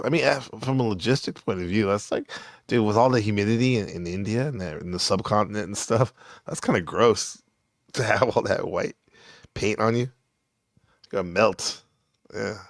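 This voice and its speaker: A man with a very low, deep voice talks loosely over an old clip in slangy, offhand commentary. The sound is dry and close, with no room around it. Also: no echo. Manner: laid-back, slangy, chuckles while talking. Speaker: reaction video host.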